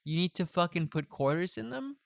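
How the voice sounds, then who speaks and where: A man's voice: high-pitched, animated, a little fast, creaky, no echo, studio quality. A man streaming, chatting casually as he reacts to a video, rambling and swearing as he thinks aloud. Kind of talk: casual chat.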